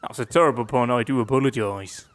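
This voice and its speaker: A man's voice: mid-range voice, fast. A young man casually commenting on a game he is playing, reading its text aloud with dry jokes and puns. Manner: wry, jokey, reads game text aloud with quips. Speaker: gaming YouTuber. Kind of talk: casual let's play commentary.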